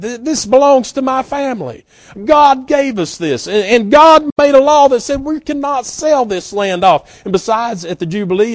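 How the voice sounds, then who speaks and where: A guest pastor, preaching a sermon in a folksy, animated storytelling manner. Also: male voice, on the high side, dry recording, clean studio sound. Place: church.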